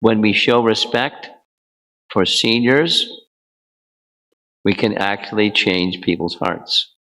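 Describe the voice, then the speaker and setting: Low-voiced man giving a devotional lecture. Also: slow, poor audio. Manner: relaxed, banters with the audience. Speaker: spiritual teacher.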